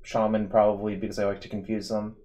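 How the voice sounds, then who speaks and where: A man's voice: lowish voice, completely flat delivery, fast talker, warm tone. A man hosting a live game stream, analyzing plays in a casual, thinking-aloud way. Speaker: streamer host. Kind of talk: casual gaming commentary.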